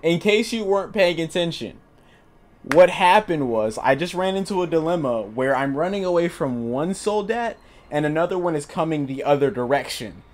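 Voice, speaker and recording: A young man narrating his own gameplay, joking around and shouting when he gets startled. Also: a little high, moderate pace, slight background noise. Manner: jokey, excitable, yells when startled. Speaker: gaming YouTuber. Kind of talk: let's play commentary.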